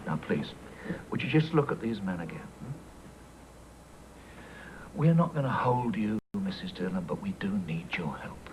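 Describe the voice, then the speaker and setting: An actor with an English accent playing a calm, quietly menacing detective who speaks softly. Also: male voice. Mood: coaxing. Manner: soft-spoken, measured, low threat. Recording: noisy old videotape broadcast.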